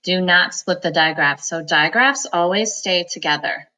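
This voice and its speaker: This is a woman giving a phonics lesson, pitched a little low yet bright and crisp. She talks her students through each word, splitting it into syllables and sounding each one out with deliberate care. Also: rough recording. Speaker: reading teacher.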